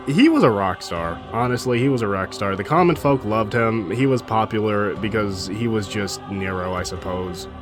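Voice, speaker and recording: A young man tells history in a blunt, sarcastic way, swearing freely as he goes. His pitch swings widely from line to line, and soft music plays faintly underneath. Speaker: history YouTuber. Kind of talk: casual history commentary.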